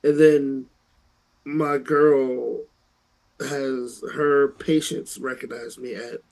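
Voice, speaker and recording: Slow-talking laid-back man. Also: medium pitch, fairly even intonation, a little mellow, rough recording. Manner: laid-back, hesitant with fillers. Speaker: podcast co-host. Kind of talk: casual chat.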